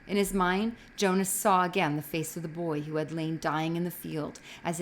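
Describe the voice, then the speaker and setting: A woman's voice: lowish voice, normal speed, a little hiss or hum. Woman reading a novel aloud. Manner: expressive reading with occasional slips. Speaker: reader.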